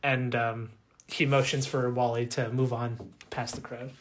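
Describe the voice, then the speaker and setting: A man's voice: mid-range voice, little pitch movement, a little slow, a little hiss or hum. Man playing a tabletop game, casual. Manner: casual, filler-heavy. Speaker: player. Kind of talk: tabletop role-play.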